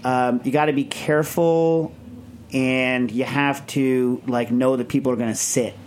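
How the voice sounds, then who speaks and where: A middle-aged man hosting a casual talk show, animated and laughing often as he acts out the people he quotes. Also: mid-range voice, measured pace, slight background noise. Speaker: podcast host. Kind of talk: casual chat.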